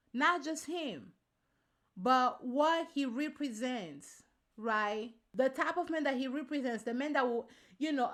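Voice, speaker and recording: Emphatic high-voiced woman vlogger. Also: fairly bright tone. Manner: emphatic, repeats points for stress; slangy, informal address to viewers. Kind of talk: casual opinion commentary to camera.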